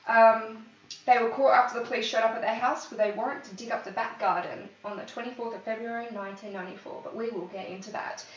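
A woman's voice: fairly high pitch, fairly even intonation, fast talker. A woman hosting a casual true-crime podcast, chatty and often stumbling over names. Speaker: podcast host. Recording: echoey room, far from mic, dull lo-fi sound.

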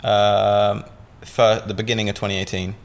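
A man from Southampton, England, with a fairly low voice, speaks at normal speed in a level tone. As a podcast guest he tells a long, rambling story in a casual way, packed with fillers and swearing.

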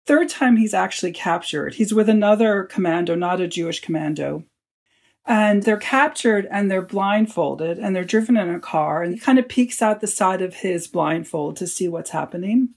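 A woman author answers an interview question by launching into a vivid story. She acts out the people in it with quoted lines, and her voice sits at an ordinary middle pitch. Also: moderate pace, vocal fry, a little mellow, husky. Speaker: author and guest.

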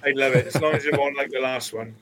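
A Welsh man in his sixties, a stadium announcer, telling stories in an interview with animated anecdotes and frequent restarts. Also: medium pitch, fast, a crowd in the background, poor audio. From Swansea, Wales. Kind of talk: casual storytelling interview.

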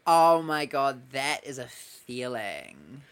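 A man's voice: medium pitch, takes it slowly, fairly bright tone, clear, resonant tone. Playful, teasing man in banter. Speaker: podcast co-host. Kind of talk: casual chat.

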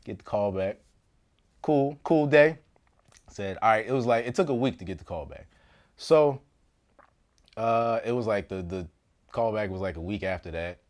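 A man who works as an actor, telling a story from his own life in a casual, comedic way. He laughs often and jumps between loud bursts and hushed asides. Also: fairly low pitch, moderate pace, long pauses.

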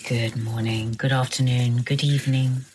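A middle-aged British woman co-hosting a podcast, chatting casually with frequent halting restarts. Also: extremely low pitch, fairly even intonation. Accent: British English. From Britain. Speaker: podcast co-host. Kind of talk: casual chat.

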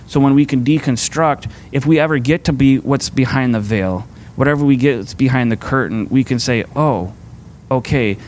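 A man's voice: medium pitch, slight background noise. A man giving a casual, conversational sermon to a faith community, earnest and rambling, restarting his sentences often.

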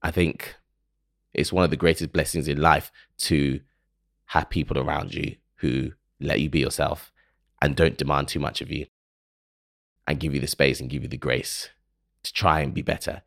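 Podcast host, male, very low gravelly voice, earnest solo reflection, dry close sound. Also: a bit bright, dry recording. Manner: earnest, emotional, self-questioning.

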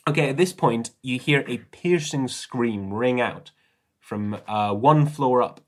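Chatty game master with easygoing delivery. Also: male voice, medium pitch, takes it slowly. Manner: relaxed, chatty, many fillers. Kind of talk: narrating a tabletop game.

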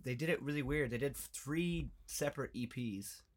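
A man guest from a band in casual chat, speaking hesitantly with many filler sounds and soft laughs. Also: medium pitch, moderate pace, slightly rough.

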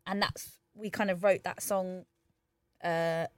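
A woman's voice: lowish voice, steady tone, no echo. A young English woman, a musician, telling stories in a chatty way with lots of fillers and restarts. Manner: chatty, fast storytelling with many fillers and restarts. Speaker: musician guest. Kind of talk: casual podcast chat.

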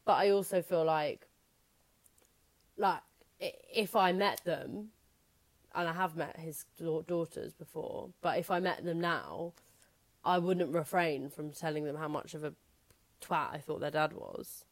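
A woman's voice: sits low, unhurried, dry recording. A woman co-hosting a podcast, talking frankly and chattily in a casual conversation. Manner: frank and outspoken, chatty with many "like"s. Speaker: podcast co-host. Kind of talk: casual chat.

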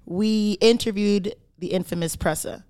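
A woman's voice: mid-range voice, fairly even intonation, measured pace, a little mellow, smooth. A woman from Canada hosting a podcast, explaining her point in casual chat and checking in with "right?". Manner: emphatic, explaining with repeated "right?". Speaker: podcast host.

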